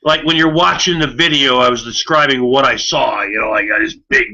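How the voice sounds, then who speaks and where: Bright-voiced man rambling in casual chat. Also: mid-range voice, brisk. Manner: rambling, profane, many fillers and restarts. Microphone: online video call. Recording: muffled online call audio.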